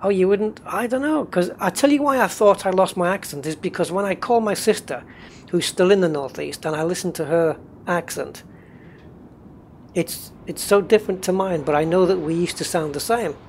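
A man's voice: high-pitched, normal speed, a little hiss or hum. Chatty man narrating his truck game. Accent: faint northeast English. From northeast England. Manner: chatty, talks to himself and chat while driving. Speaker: gaming channel host. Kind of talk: casual gameplay commentary.

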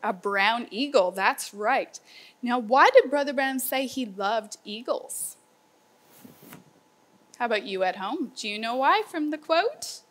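A woman teaching a children's Bible lesson, asking the class lively questions. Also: fairly high pitch, unhurried. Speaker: homeschool teacher.

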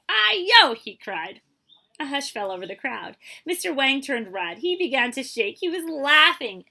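A woman librarian reads a picture book aloud in a bright, ringing voice. She tells the story with lively expression and turns to ask her young listeners questions. At the suspenseful moments she drops into a whisper. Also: fairly high pitch. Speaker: librarian reading aloud to children.

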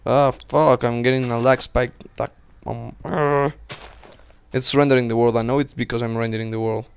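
A young man giving casual, excitable commentary while playing a game, swearing and talking to himself. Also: medium pitch, normal speed, smooth. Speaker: gaming channel host.

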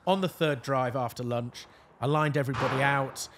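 A man co-hosting a podcast, telling a self-mocking anecdote in a lively, casual way. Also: mid-range voice, normal speed, slight background noise. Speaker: podcast co-host. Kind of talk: casual chat, storytelling.

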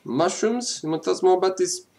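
A man's voice: high voice, fast, creaky, darkish tone, pitched above the performer's own voice. A man voicing a brash, wisecracking male detective who mockingly grills a suspect during a comedic game commentary, with a put-on accent. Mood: mock-tough. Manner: mock-tough, rambling, teasing, puts on a put-on accent. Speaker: gaming YouTuber. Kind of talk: comedic let's play commentary in character.

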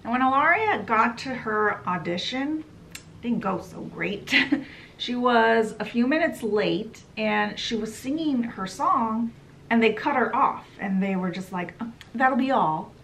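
A woman's voice: on the high side, lively intonation, unhurried, vocal fry, a bit bright, a little hiss or hum. A woman casually summarizing a book in a meandering way, with lots of fillers. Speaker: book vlogger.

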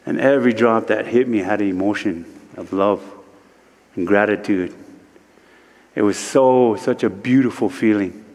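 A man from Standing Rock, a guest speaker at a church service, telling a spiritual story slowly, with many repeated "he said" lines. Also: on the low side, darkish tone, long reverb tail. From Standing Rock, United States. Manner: slow and repetitive, retelling speech with many "he said".

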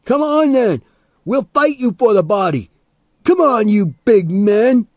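A man voicing a reckless boy in an audiobook who shouts taunts and mockingly imitates others. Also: very high voice, unhurried, dry recording, voice pushed up. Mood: wild defiance. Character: wild, reckless boy spoiling for a fight.

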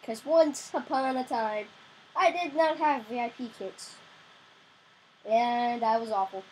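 A young woman giving casual gameplay commentary, excitable, crying out in frustration now and then. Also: a little high, slow pace, slight background noise, low-quality recording. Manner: excitable, yelps and cries out in frustration. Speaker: gamer.

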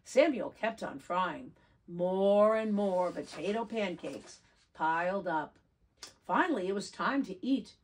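A preschool teacher reading a picture book aloud to children, gentle and expressive. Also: female voice, medium pitch, takes it slowly, slightly rough.

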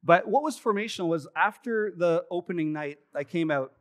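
A man's voice: high-pitched, animated, normal speed. Pastor in his thirties, chatty and humorous. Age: 30s. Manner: chatty storytelling, self-deprecating humor. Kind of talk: sermon. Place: church sanctuary, live service.

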